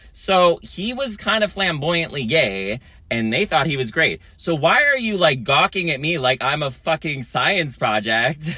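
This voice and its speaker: A man's voice: on the high side, pushed and bright, no echo. A man telling a storytime monologue to camera in a sassy, profane, dramatic way.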